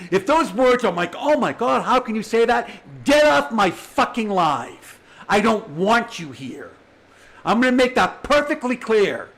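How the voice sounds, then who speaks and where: A man with a notably high voice hosts his own livestream. He talks in a heated, sarcastic rant, swearing freely as he goes. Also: fairly bright tone, low-quality recording. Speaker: livestream host.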